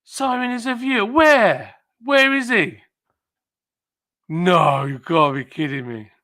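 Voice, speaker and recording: Excitable British man on a live stream. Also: fairly high pitch, a little slow. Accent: British English. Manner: excitable, laughs often, exclaims. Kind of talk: casual live stream chat.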